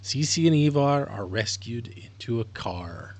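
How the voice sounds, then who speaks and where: A man's voice: mid-range voice, animated, measured pace, a little mellow, a little hiss or hum. A tired man talking casually and rambling on a live stream, swearing freely as he goes. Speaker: streamer learning a language.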